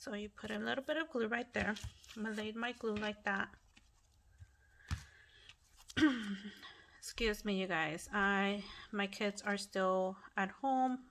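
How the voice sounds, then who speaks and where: A woman's voice: medium pitch, unhurried, long pauses, fairly bright tone. A middle-aged woman hosting a casual craft tutorial at home, chatty and apologetic, often restarting her sentences. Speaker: craft channel host.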